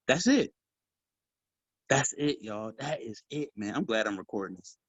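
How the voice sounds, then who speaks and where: Guy hyping up a sales team, talks loose and animated, muffled dry sound. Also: medium pitch, measured pace, long pauses, husky, dry recording. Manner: animated, casual, addresses group as y'all. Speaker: sales trainer. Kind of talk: motivational training talk.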